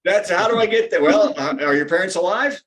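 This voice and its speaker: A man hosts an online comedy show and rambles through a plea for donations, joking and cutting himself off as he goes. His voice is quite high for a man. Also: fairly quick, over a noisy crowd. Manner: rambling, joking, self-interrupting. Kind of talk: casual chat.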